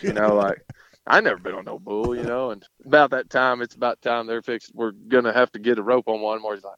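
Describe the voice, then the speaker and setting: A man's voice: medium pitch, brisk, a bit bright. A man, telling rodeo stories in a casual, folksy way with lots of fillers and mild cursing. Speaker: podcast guest, rodeo cowboy. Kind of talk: casual storytelling. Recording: dull lo-fi sound.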